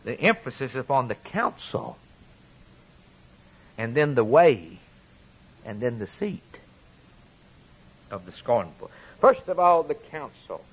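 A man's voice: mid-range voice, sing-song, takes it slowly, pauses often, husky, low-quality recording. A man preaching a sermon, repeating phrases in an emphatic cadence that swells and drops. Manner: repetitive emphatic preaching cadence, rising and falling.

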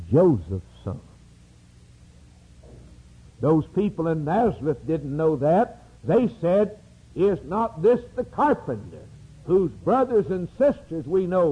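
A male preacher delivers a sermon at a slow, deliberate pace. His voice is husky and mellow, and his pitch swings widely from loud emphatic peaks down to hushed low phrases. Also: poor audio. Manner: dramatic preaching with sweeping rises and drops.

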